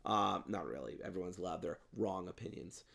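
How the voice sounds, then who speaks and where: A man's voice: deep voice, fairly quick, creaky, a bit bright. Rambling casual man reviewing movies. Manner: rambling, frequent ums, playful swearing. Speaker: podcast co-host.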